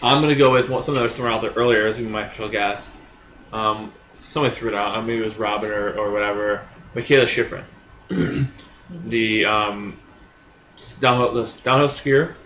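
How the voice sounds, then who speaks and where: A man's voice: fairly low pitch, fairly even intonation, a little fast, fairly bright tone, slight background noise. A man co-hosting a casual recap chat, rambling and hesitant, with frequent fillers and restarts. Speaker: co-host. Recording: echoey room, faint music.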